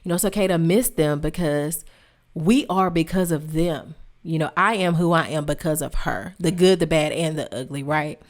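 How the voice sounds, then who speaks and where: A woman's voice: deep voice, normal speed. A woman hosting a heartfelt tribute podcast, speaking emotionally and straight to her listeners, repeating phrases for emphasis. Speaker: podcast host.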